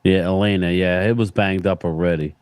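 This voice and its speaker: A man's voice: sits low, fairly even intonation, fairly quick, darkish tone, clear, resonant tone, no echo. A man co-hosting a live sports stream from a home setup, laid-back and joking with loose slang. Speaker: sports podcast co-host. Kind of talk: casual live-stream chat. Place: home studio with stream deck.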